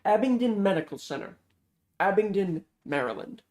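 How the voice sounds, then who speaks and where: Male reader, novel read-aloud, measured, slightly high voice, mellow, echoey. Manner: steady, measured narration. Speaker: audiobook reader. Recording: roomy echo.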